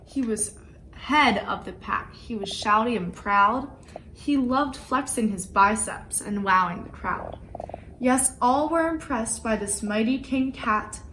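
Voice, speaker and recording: A woman volunteer reading a rhyming children's picture book aloud, with expressive, playful emphasis. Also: on the high side, slow, slight background noise, low-quality recording.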